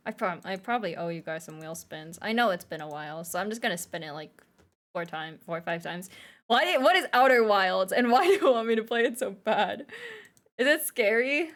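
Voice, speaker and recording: A woman's voice: mid-range voice, lively intonation, a little fast, fairly bright tone. A young woman streamer chatting casually with viewers and reading their messages aloud, playful and laughing often. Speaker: livestreamer.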